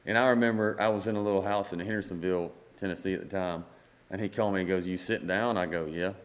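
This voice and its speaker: A man's voice: low voice, steady tone, quick pace. A man in his thirties, a country singer-songwriter guest, telling a story and acting out the dialogue. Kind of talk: storytelling in a podcast interview.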